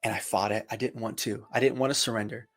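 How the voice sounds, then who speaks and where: A man telling his near-death experience as a personal testimony, earnest and vivid, with dramatic pauses. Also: fairly low pitch, fairly even intonation.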